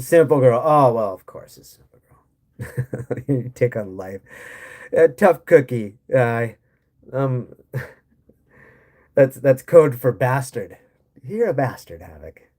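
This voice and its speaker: An American man hosts a livestream in a medium-pitched, darkish voice, expressive yet slow with long pauses. Reading and answering chat, he delivers a casual, blunt rant laced with sarcasm and cursing.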